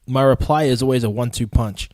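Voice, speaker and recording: A young man with a New Zealand accent talks through a casual solo podcast, blunt and quick to swear. His voice sits at a middle pitch for a man. The sound is dry and close, with no room around it. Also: no room sound. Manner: blunt and profane, mimics people in high excited voices. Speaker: podcast host.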